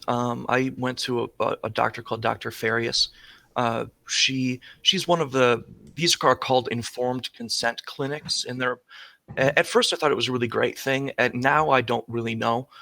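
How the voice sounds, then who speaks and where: A man tells his story on a podcast in a casual, earnest way. His voice is gravelly and bright, and he hesitates and starts his sentences over again and again. The sound is dry and close. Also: medium pitch, no room sound. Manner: earnest, hesitant, many restarts. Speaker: podcast guest. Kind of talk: casual conversation.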